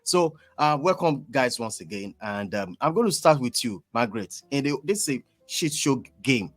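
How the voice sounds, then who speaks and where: A man's voice: medium pitch, very animated, moderate pace, dry recording, soft background music. A man with a Nigerian accent hosting a football fan reaction show, exasperated and talking in a sing-song way. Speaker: host.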